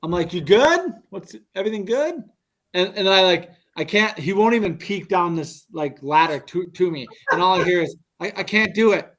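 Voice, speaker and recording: A man's voice: sits high, normal speed, few pauses. A young man casually telling a story among friends on a podcast, acting out the quotes in a raised voice. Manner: animated, acts out quotes in a raised voice. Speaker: podcast co-host.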